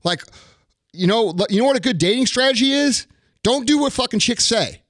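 A man's voice: very high voice, expressive, fairly quick, a bit bright, no room sound, studio quality. A man giving blunt dating advice in casual podcast chat, profane and emphatic.

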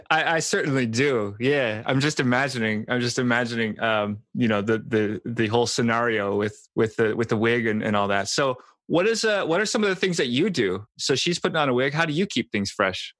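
A man's voice: medium pitch, lively intonation, fairly quick, fairly bright tone, dry recording, studio quality. A man co-hosting a podcast, asking loose, playful questions in casual chat. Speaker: podcast co-host.

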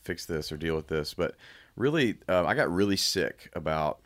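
A man in his thirties talking candidly as a guest, reflective and halting, with frequent restarts. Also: low-pitched, lively intonation, fairly bright tone. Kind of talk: candid personal conversation.

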